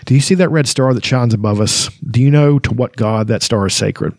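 A man reading aloud as a wise, gentle old man who is secretly a god, speaking softly and tenderly. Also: medium pitch, fairly quick, no room sound, lightly acted.

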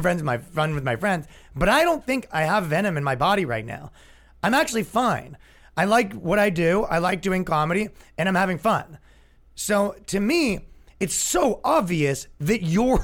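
A man who is a comedian and podcast host, ranting casually with lots of swearing and a yelling tone. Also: high voice, normal speed. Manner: profane, animated, with a yelling tone.

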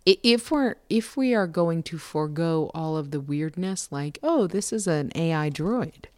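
A woman's voice: low voice, lively intonation, unhurried, dry recording, clean studio sound. A woman co-hosting a casual podcast chat, talking animatedly and thinking aloud with restarts. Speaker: podcast co-host.

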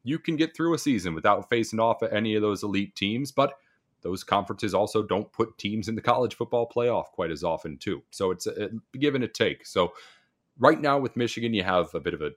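A man co-hosting a casual sports talk show, speaking in a measured, conversational way. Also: on the low side, animated, fairly bright tone. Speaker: sports podcast co-host.

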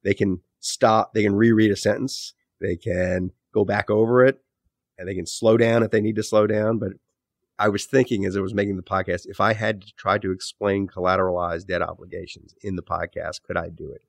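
Here the author and podcast host, interviewed in a casual setting, muses at length and keeps amending his sentences midway. He has a lowish, steady voice with vocal fry and talks a little fast, in studio quality with no room sound.

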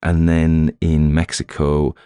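A man's voice: rumbling low, monotone, takes it slowly, mellow, clear, resonant tone, no echo, clean studio sound. A man with a Northern English accent, a podcast narrator talking casually and self-deprecatingly to his listeners, with many fillers and restarts. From Northern England. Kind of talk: rambling casual talk to listeners.

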